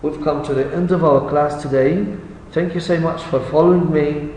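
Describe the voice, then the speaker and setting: A man's voice: a little high, fairly even intonation, normal speed, darkish tone. A man whose first language is Arabic, teaching an English class and patiently checking answers with his students, often repeating the words. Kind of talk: recorded online class. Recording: echoey room, voice far from the mic, faint background hiss.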